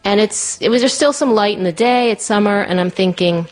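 A woman telling a personal story with animated, breathless, self-deprecating energy. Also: medium pitch, a little fast. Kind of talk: personal story told to an audience.

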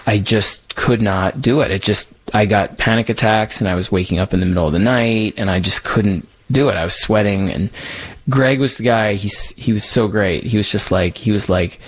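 A man's voice: on the low side, normal speed, slightly rough, low-quality recording. Candid, rambling male writer. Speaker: comic book writer, guest. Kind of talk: interview answers. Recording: music playing underneath.

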